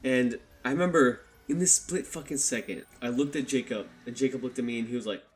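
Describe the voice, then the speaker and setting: Here a YouTuber, a young man, shares a story from his childhood in a storytime vlog, speaking directly into a desktop USB microphone. His voice is mid-range and a little fast, his manner laid-back, with heavy swearing and acted-out quotes.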